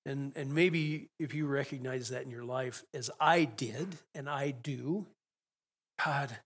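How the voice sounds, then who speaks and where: A man's voice: medium pitch, a little slow. An older man preaching a sermon in an earnest, reflective way, drawing out words for emphasis. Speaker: pastor.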